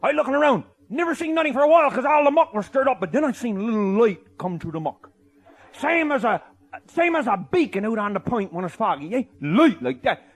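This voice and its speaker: A man with a Newfoundland accent telling a comic tall tale, boisterous, often shouting and laughing mid-sentence. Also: very high-pitched, very animated, fairly quick. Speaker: comic storyteller.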